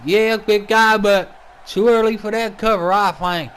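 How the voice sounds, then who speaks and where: A man's voice: high-pitched, fairly even intonation, measured pace, fairly bright tone, clear, resonant tone. A man calling a wrestling match as commentator, brash and trash-talking, swearing freely. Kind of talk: profane play-by-play commentary.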